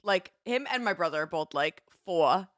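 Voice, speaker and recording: A woman with a New Jersey accent co-hosting a live morning show, chatty and quick to laugh, often trailing off mid-thought. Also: fairly low pitch, lively intonation, a bit bright, no room sound, studio quality. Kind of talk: casual chat.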